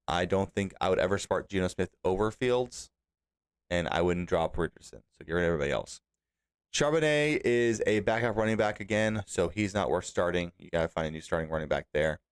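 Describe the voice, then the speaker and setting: A young man with a fairly low voice talks through a fantasy football recap on his own. He gets animated and exasperated as he scolds the team managers over their lineups. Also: brisk, smooth. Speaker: podcast host.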